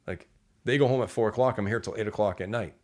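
Low-voiced man telling stories. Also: quick pace. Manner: animated anecdotes, acts out quoted people. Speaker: entrepreneur guest. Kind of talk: casual storytelling interview.

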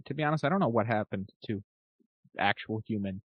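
A man co-hosting a podcast in casual comedic chat, animated and jokey, breaking into quick voices. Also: lowish voice, husky, no room sound, highs cut off. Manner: fast, animated, jokey, does quick impressions. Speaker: podcast co-host.

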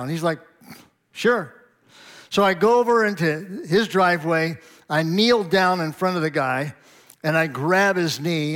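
A man's voice: fairly high pitch, a bit bright. Man preaching a folksy sermon story. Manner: conversational, anecdotal, with chuckles and quoted dialogue. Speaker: pastor.

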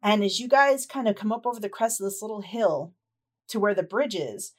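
A woman running a tabletop game as game master, describing scenes in a relaxed, chatty way with frequent fillers. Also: medium pitch, a little fast.

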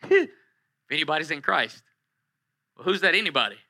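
A male pastor preaching a sermon in an animated way, repeating lines for emphasis. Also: fairly high pitch, moderate pace.

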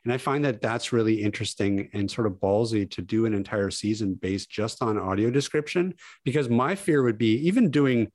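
A man's voice: fairly low pitch, fairly quick, few pauses, a little mellow, no room sound. A man co-hosting a podcast, chatting casually and rambling with restarts over a remote call. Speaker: podcast co-host. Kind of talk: casual chat.

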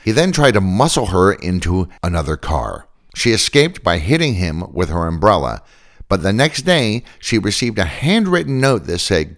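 Male podcast storyteller: low voice, wildly varied intonation, wry asides. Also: big pitch swings, normal speed. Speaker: podcast host. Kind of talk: scripted podcast narration.

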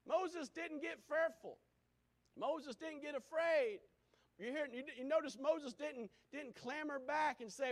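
A male preacher with a high-pitched voice delivers a sermon. He swings between loud, punchy exclamations and soft, hushed asides, and chuckles at his own jokes. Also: normal speed.

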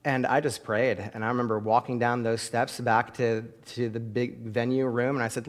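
A middle-aged man preaching a sermon as pastor, chatty and full of fillers in his stories, then building to loud, high calls for the congregation to pray along. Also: flat delivery, normal speed, few pauses. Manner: conversational storytelling with many fillers.

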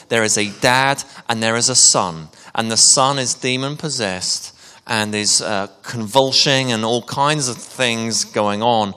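A man gives a church sermon in an easy, chatty manner, often breaking off with fillers and animated asides. His voice is bright and forceful. It rings with the long reverb of a church hall. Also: fairly low pitch. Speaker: preacher.

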